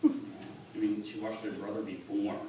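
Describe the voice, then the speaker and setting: A man giving a halting, earnest personal testimony at church, recorded on a phone from the congregation. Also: lowish voice, flat delivery. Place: church sanctuary. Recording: echoey church on a distant phone, noisy.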